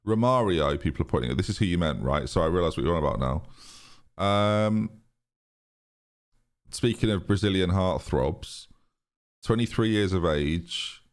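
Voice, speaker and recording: A man streaming a football management game live, chatting excitedly to his viewers and laughing often. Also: low voice, moderate pace, long pauses. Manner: excitable, chatty, talks to chat. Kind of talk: live gaming commentary.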